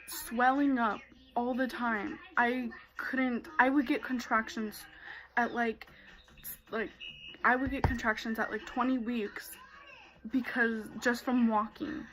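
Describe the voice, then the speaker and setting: A woman's voice: a little high, fairly bright tone, rough recording. A young woman vlogger telling a personal story in a casual way, full of fillers. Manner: casual, many fillers like "like" and "you know".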